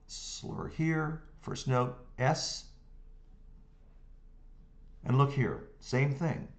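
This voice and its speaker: Man, mid-pitched, tutorial teacher walking a viewer through software, hums rhythms, checks in often. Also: drawn-out words, long pauses. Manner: talks through clicks step by step, hums rhythms as syllables. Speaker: music notation software teacher. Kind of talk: screen-recorded software tutorial.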